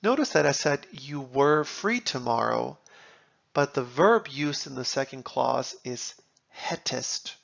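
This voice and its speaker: Slow, gravelly-voiced man teaching German. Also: medium pitch, a bit bright, muffled recording. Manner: reads German examples then translates, slow and deliberate. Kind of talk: slow explanatory lesson.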